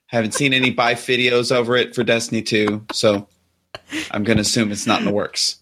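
A man's voice: medium pitch, level tone, brisk, noisy background. A man co-hosting a casual gaming podcast, reading a short intro and then joking around. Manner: playful, reads scripted intros then jokes. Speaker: podcast co-host.

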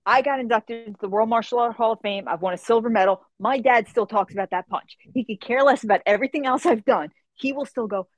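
A young woman telling a story in an animated way, acting out the people in it and swearing casually. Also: a little high, fast talker, few pauses, dry recording. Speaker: guest.

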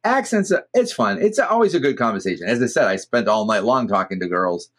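A man's voice: fairly low pitch, sing-song, a little fast, a bit bright. A middle-aged man with a Boston accent, hosting a podcast and telling rambling stories with many restarts. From Massachusetts. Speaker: podcast host. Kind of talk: casual chat.

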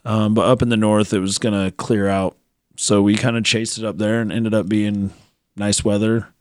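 A male podcast co-host rambles through a story in casual chat, leaning heavily on fillers. His fairly low voice is a little mellow, clear and resonant, with little pitch movement and a normal speed, captured in a clean studio with no room sound.

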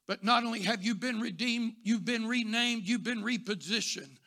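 A man preaching a sermon, telling stories and rising to shouts before dropping soft. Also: extremely high pitch, moderate pace. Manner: builds to shouting, then drops soft. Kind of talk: sermon with storytelling.

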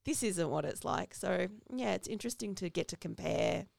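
A woman's voice: on the low side, expressive, normal speed, gravelly, darkish tone, no room sound, clean studio sound. A woman co-hosting a podcast, chatting casually as she recaps a film's plot. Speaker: podcast co-host. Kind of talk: casual movie discussion.

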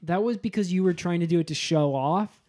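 A man's voice: sits high, brisk, a little mellow. A man hosting a comedic podcast, mock-serious and scolding his guest. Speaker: podcast host.

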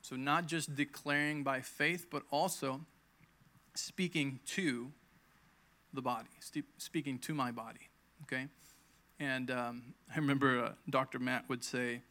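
A man's voice: medium pitch, steady tone, measured pace, bright, forceful tone. A man in his thirties preaching a conversational sermon, telling his own healing story and acting out quoted lines with emphasis. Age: 30s. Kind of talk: sermon with personal testimony.

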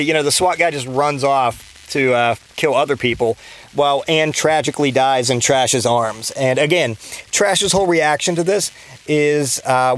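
A man with a slightly higher-pitched voice recaps a movie on his podcast. He rambles loosely, swears constantly and trips over fillers and restarts. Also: fairly bright tone, rough recording. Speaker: podcast host. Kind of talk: casual profane movie recap.

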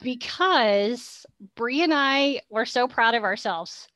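A woman, co-hosting a podcast and telling an animated story, laughing as she goes. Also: on the high side, slow pace, no room sound. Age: 40s. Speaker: podcast co-host. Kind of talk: casual storytelling chat.

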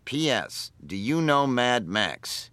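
Snarky cartoon dude reading slowly, bright and mocking. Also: male voice, mid-range voice, big pitch swings, clear, resonant tone, dry recording, studio quality.

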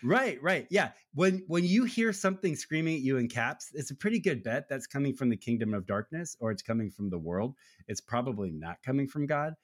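A man's voice: mid-range voice, lively intonation, brisk, hardly any pauses. Earnest man talking faith. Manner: earnest, conversational, often adds "right?". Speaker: podcast co-host. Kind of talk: casual faith discussion.

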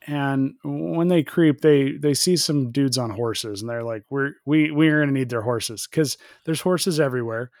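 Casting: man, podcast co-host, animated joker, dry close sound. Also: no room sound. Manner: jokey, animated, acts out bits in a high voice. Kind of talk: casual chat.

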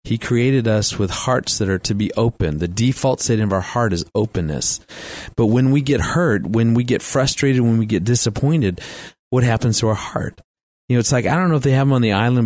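A man's voice: medium pitch, a little fast, darkish tone, no room sound. A middle-aged man speaking on marriage and family, telling stories with a chatty manner, laughing often and restarting sentences. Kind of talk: storytelling talk with faith references.

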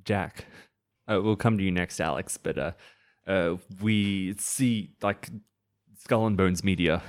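Deep-voiced man running a tabletop game. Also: takes it slowly. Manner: relaxed, hesitant with fillers. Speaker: game master.

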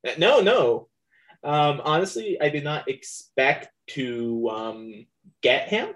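A man's voice: fairly high pitch, big pitch swings, slow pace, a bit bright, low-quality recording. A man hosting a podcast interview, hesitant and full of fillers, laughing often. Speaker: podcast host. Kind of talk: casual interview.

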